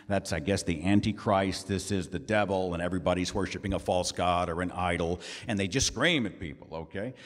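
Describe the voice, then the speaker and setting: A man's voice: deep voice, long reverb tail. A man giving a talk, with a conversational manner and many rhetorical questions. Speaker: guest speaker. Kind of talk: lecture presentation. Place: lecture hall.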